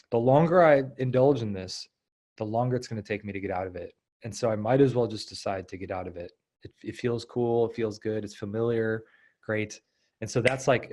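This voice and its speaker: A man in his thirties, a guest coach in a casual interview, explaining ideas and acting out inner thoughts in lively asides. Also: mid-range voice. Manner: animated, acts out inner voices.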